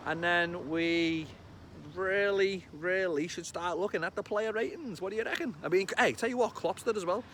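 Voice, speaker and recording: Brief: high-voiced Scouse lad in his thirties, excitable and sweary, ranting about football outdoors. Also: normal speed, slight background noise. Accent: Liverpool. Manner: excitable, chatty, swears, loud bursts. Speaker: football fan vlogger. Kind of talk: casual match reaction vlog. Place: outdoors among trees.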